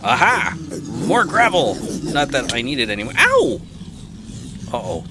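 A man casually commenting on his own gameplay, chatty and quick to yelp and laugh. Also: on the high side. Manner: chatty, easily excited, yelps and laughs. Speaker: gaming channel host. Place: home room with an aquarium. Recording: noisy home recording, aquarium drip behind. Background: dripping aquarium water.

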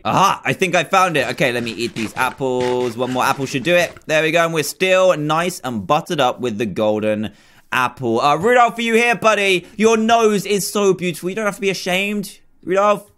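An excitable man commentating a let's-play, jokey and thinking out loud. His voice sits a little high and jumps around a lot in pitch. He talks casually to the viewer. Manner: excitable, jokey, thinks aloud while playing. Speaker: gaming youtuber.

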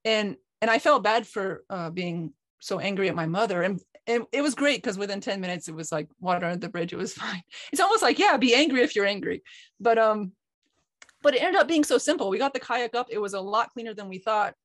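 A woman's voice: medium pitch, a little fast, dry recording, studio quality. A woman co-hosting an online talk, candidly telling a personal story with lots of restarts. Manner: candid, animated, frequent restarts and fillers. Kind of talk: personal storytelling in a group call.

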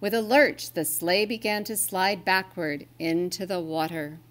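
A woman reading a children's story aloud in a gentle, expressive storytelling way. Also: on the low side, unhurried.

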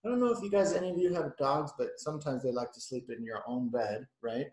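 A man's voice: medium pitch, fast talker, darkish tone, echoey room, rough recording. A male teacher reading a picture book aloud to children, stopping to explain the pictures and ask them questions. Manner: chatty, explains the pictures, asks the kids questions.

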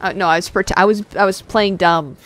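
A woman's voice: medium pitch, steady tone, brisk, a bit bright. A woman streamer chatting casually while gaming, playful and sarcastic.

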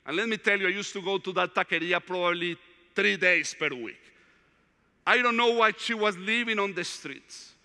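Guy preaching a testimony in a big hall, high bright voice, long echo. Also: normal speed. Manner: heartfelt storytelling, plain non-native English. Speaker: retreat speaker. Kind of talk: testimony talk.

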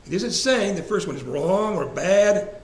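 A man leads a church Bible study in a conversational way, asking the group questions and repeating verse references. His high voice has lively intonation and an unhurried pace. The room is echoey, with faint ambient hiss.

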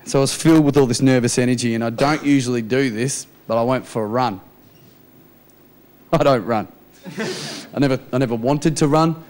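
A man's voice: medium pitch, normal speed, long pauses, a little mellow. An Australian man doing a chatty, self-mocking stand-up set in a TV studio. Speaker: stand-up comedian. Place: TV studio with live audience.

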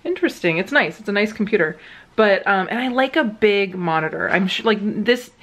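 A woman's voice: medium pitch, fairly quick. Giggly woman vlogger. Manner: giggly, animated storytelling. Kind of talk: casual chat.

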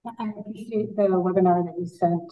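A woman, a new board trustee, speaking in an eager, soft-spoken way at a public board meeting. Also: on the low side, fairly even intonation, brisk, recorded from a distance, phone-quality sound.

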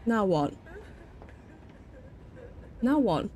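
A woman's voice: mid-range voice, moderate pace, darkish tone. A British woman streaming a video game live, jumpy and swearing freely as she comments and talks to her chat.

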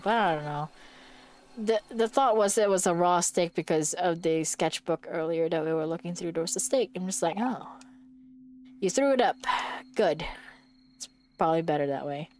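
A woman's voice: lowish voice, darkish tone. A woman streaming a video game, reacting to it with jokes and lots of giggles. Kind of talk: let's play commentary.

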